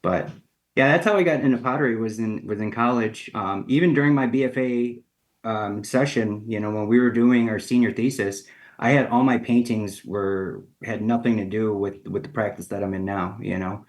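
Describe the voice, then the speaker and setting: A man with a somewhat low voice tells his story as an interview guest on the radio. He talks casually, leans on fillers like "you know" and "like," and acts out the lines of the people in it with lively shifts. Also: normal speed. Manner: casual and animated, acts out quoted dialogue, many fillers. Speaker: ceramic artist guest.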